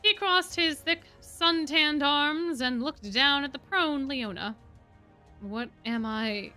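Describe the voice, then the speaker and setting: A woman streamer reading a novel aloud live, lively and laughing at the text. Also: high-pitched, slow pace, soft background music.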